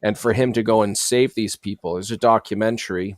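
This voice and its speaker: A man with a fairly low voice talks as a guest in a casual interview. He speaks earnestly and reflectively, pausing often to find his words. His voice sounds close and dry, with almost no room around it. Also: steady tone, dry recording. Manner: earnest, reflective storytelling with frequent hesitations. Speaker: guest, fantasy series creator.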